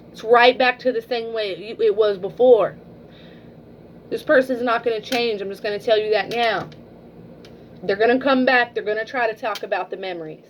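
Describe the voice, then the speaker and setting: A woman's voice: on the high side, lo-fi sound, a little hiss or hum. A woman giving a casual tarot reading, blunt and swearing freely, often ending a point with "okay?". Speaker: tarot reader.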